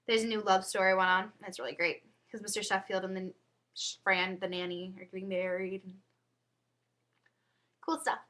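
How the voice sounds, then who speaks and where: A woman's voice: medium pitch, bright, forceful tone. A teenage girl chatting casually to her webcam at home, giggly and full of asides. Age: teens. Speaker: vlogger.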